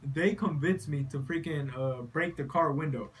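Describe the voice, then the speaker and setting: A man's voice: fairly high pitch, normal speed. A young man telling a story casually to his viewers, rambling and profane, full of "you know" and "like.". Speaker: vlogger.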